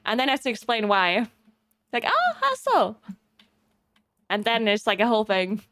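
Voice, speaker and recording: A woman's voice: mid-range voice, brisk, smooth, no room sound, studio quality. A young woman from Italy, a streamer, chatting casually with viewers and telling stories with a lot of laughter. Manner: animated storytelling, laughs often.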